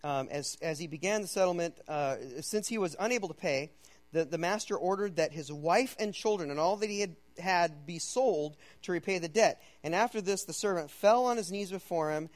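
A pastor delivers a sermon in a relaxed, conversational style, often pausing to ask "okay?" He alternates between loud, emphatic reading and quiet, low-voiced urging at a moderate pace, and the audio quality is poor.

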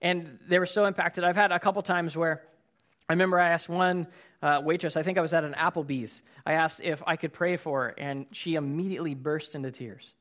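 A man's voice: on the high side, steady tone, brisk, a bit bright. A man preaching a casual, conversational sermon, telling personal stories in an earnest way with many fillers and repeated words. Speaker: pastor.

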